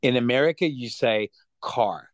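A man's voice: mid-range voice, fairly quick, no room sound. A man with a South African accent chatting as a podcast guest, rambling easily with lots of fillers. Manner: rambling, filler-heavy, easygoing. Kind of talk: casual interview chat.

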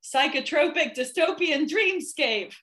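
A woman's voice: high-pitched, expressive, measured pace, a bit bright. A woman from Ireland, an author and guest on a podcast, talking casually with self-mocking humor and many fillers. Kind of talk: casual chat.

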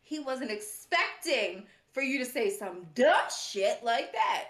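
A woman's voice: fairly high pitch, very animated, slow pace, a bit bright, reverberant. A woman co-hosting a podcast, telling a story in a casual, sassy way and laughing often. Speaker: podcast co-host.

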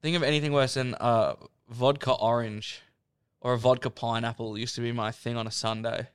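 A man's voice: medium pitch, fairly even intonation, moderate pace, smooth. Man, teasing chat. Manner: teasing, laughing banter. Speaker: podcast co-host. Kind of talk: casual chat.

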